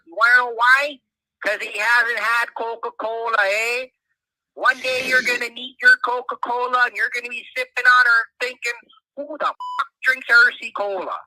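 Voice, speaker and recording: A man's voice: very high-pitched, sharp tone, dry recording, exaggerated voice, low-quality recording. A man playing a crude, folksy Canadian uncle leaving a voicemail, with a Canadian accent. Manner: crude, folksy, says "eh" and "bud". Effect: phone voicemail.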